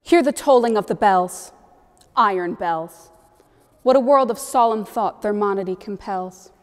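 A woman giving a solemn, steady poetry recitation as a stage performer. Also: mid-range voice, measured pace. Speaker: student performer. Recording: long reverb of a hall.

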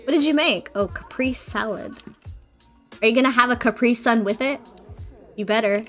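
A woman's voice: high voice, animated, normal speed, a bit bright, faint music behind. A woman giving casual let's-play commentary, chatting to viewers and playfully scolding her game characters. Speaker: gameplay streamer.

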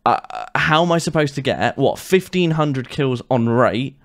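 A man's voice: mid-range voice, expressive, measured pace. A man giving casual gameplay commentary, swearing and ranting in exasperation. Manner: frustrated, swearing, exasperated rants. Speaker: gaming YouTuber.

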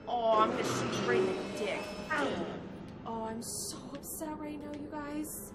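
A woman playing a horror video game and commenting on it casually, reacting emotionally with shouts and quiet, sad muttering. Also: on the high side, fairly even intonation, measured pace, long pauses, heavy background noise. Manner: emotional, swings between shouting and sad mumbling. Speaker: let's play gamer.

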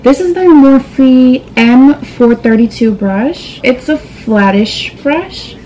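Young female beauty vlogger, sassy and direct, warm mellow tone, faint room hiss. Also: sits high, takes it slowly, dull audio. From New York. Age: young adult. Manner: sassy, direct, calls viewers girl and boo. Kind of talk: casual makeup tutorial chat. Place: indoors at a vanity.

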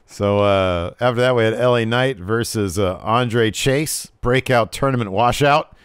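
A man co-hosting a podcast, casually recapping a wrestling show and breaking into loud, exaggerated impressions when he quotes the wrestlers. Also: medium pitch, unhurried, clean tone, no room sound, studio quality. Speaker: podcast co-host.

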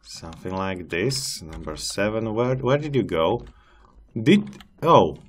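A man's voice: low voice, lively intonation, measured pace. A man giving casual gameplay commentary as a channel host, chatty and amused as he coaxes animals along.

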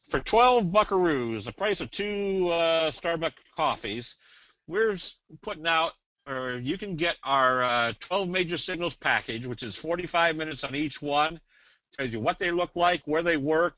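A man presenting a trading webinar in a casual, folksy, joking way with a salesy pitch. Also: sharp tone, no room sound. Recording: dull dry webinar audio.

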